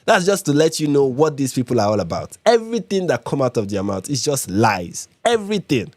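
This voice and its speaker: A man's voice: medium pitch, big pitch swings, brisk, no room sound. A man from Nigeria hosting a live reaction stream, repeating his points with emphasis and many fillers. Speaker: livestream host.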